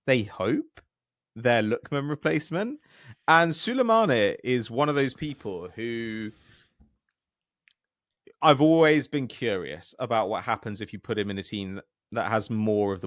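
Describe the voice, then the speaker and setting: A man's voice: fairly low pitch, no echo, studio quality. Wry English man, podcast co-host. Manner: wry, joking, relaxed. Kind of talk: casual chat.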